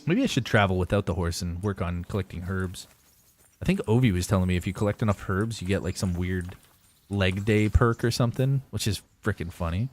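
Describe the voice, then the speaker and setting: A young man with a fairly low voice chats through a live gaming stream, joking and rambling with his viewers. His banter is loose and profane, spoken close to a desk microphone. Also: fairly quick, a little mellow, a little hiss or hum. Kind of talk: casual gaming livestream chat.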